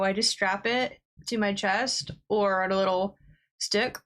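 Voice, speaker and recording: A woman's voice: a little high, measured pace, a bit bright. A woman gaming livestreamer chatting casually at her desk, talking bluntly and swearing freely while she plays.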